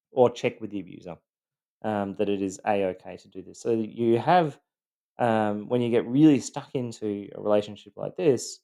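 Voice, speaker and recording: A man, a trauma coach, talking candidly to camera about his own experience, acting out his past thoughts with sudden loud, high outbursts. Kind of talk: loosely scripted personal talk to camera.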